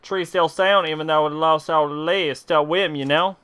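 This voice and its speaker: A tipsy man streaming a game, hamming up a southern country drawl as he reads the lines and curses casually. His voice sits a little high for a man, with a bright, clear, crisp tone that cuts through. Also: fairly even intonation, moderate pace. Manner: puts on a southern country drawl, swears freely. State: tipsy from drinking. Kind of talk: casual live gameplay commentary, reading game dialogue aloud.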